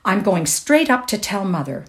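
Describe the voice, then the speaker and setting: A woman's voice: mid-range voice, big pitch swings, moderate pace, pitched above the performer's own voice, lightly acted. A woman reading the lines of an upset, tender-hearted young woman in a short story, in a pleading, breathless manner.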